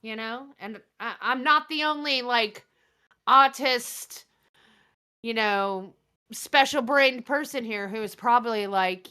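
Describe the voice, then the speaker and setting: A woman's voice: a little high, slow, sharp tone, clean tone. A woman co-host in casual panel chat, talking animatedly and building into emphatic pleas. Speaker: podcast co-host.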